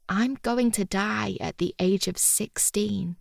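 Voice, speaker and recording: A woman with a mid-range voice and a steady tone narrates a first-person audiobook slowly, with vocal fry. Her delivery is wry, chatty and confiding, and the recording is dry and studio quality.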